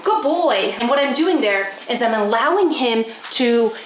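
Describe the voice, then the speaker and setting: A woman's voice: a little high, expressive, normal speed. A woman chatting casually to her viewers while doing chores at home, talking to her dogs now and then. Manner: chatty, talks to her dogs in a bright coaxing voice. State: a bit out of breath from chores. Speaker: pet vlogger. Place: bedroom at home. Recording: echoey room, faint noise.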